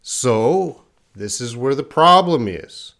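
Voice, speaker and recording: Male English teacher, live class, slow and careful delivery, reads chat aloud. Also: mid-range voice, lively intonation, vocal fry, a bit bright. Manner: slow, deliberate, drills words for students to repeat; chats with viewers, reading the live chat aloud. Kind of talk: live-streamed English lesson.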